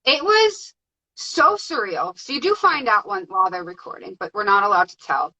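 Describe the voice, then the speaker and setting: A woman guest telling her story in a casual, excited way, with many fillers. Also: medium pitch, normal speed, highs cut off. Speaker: podcast guest.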